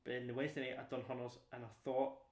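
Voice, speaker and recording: A young man rattles through his stories at a fast clip, swearing freely as he goes. His voice carries a noticeable echo, as if the room around him is bare and hard-walled. The talk is loose, animated podcast chat between friends. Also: mid-range voice. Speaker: podcast co-host. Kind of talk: casual chat.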